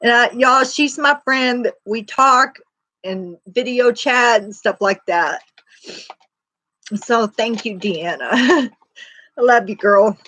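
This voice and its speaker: A woman's voice: fairly high pitch, takes it slowly, pauses often, sharp tone, dry recording. A woman hosting a casual, faith-driven livestream, talking in a chatty, folksy, rambling way with lots of fillers. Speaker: livestream host.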